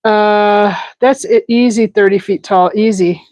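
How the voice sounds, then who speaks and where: A woman's voice: medium pitch, fairly even intonation, measured pace, darkish tone, no echo, rough recording. A woman hosting a casual livestream, chatting to viewers in a loose, giggly way with lots of restarts. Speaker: livestream host. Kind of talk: casual live chat with viewers. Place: outdoors in a desert yard.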